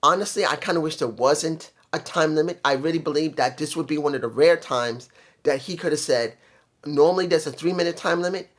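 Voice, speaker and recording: A man's voice: on the high side, brisk. A man giving a casual solo review of a wrestling show, opinionated and thinking aloud with fillers and restarts.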